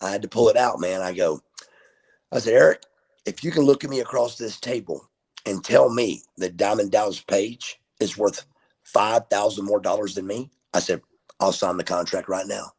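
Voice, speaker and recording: Man, middle-aged, wrestler guest, animated storyteller, raspy, creaky. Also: on the low side, moderate pace. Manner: animated storyteller who acts out quoted dialogue. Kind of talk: casual storytelling interview.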